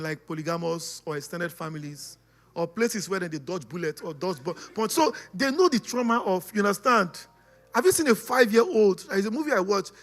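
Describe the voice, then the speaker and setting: High-voiced animated man. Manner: animated, laughing, acts out quoted voices, keeps asking "you understand?". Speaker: speaker on personality types. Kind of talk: casual teaching talk.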